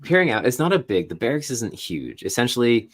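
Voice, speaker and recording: A man narrating as game master of a tabletop role-playing game, setting the scene in a relaxed, descriptive way with small fillers. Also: mid-range voice, fairly quick.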